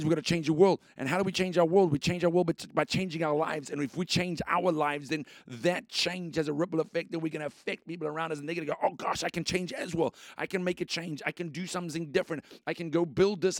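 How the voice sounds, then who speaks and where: A man hosting a daily faith podcast, talking in an excitable, repetitive, preacher-like cadence with sudden shouts while short on sleep. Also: a little high, vocal fry, no room sound, studio quality. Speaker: podcast host. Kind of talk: energetic motivational faith talk.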